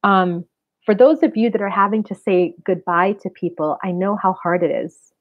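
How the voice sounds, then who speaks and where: A woman's voice: mid-range voice, moderate pace. A woman in her forties, a spiritual reader and wellness center owner, chatting casually and earnestly with her live-stream viewers and addressing them directly. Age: 40s. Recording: tinny phone-like sound.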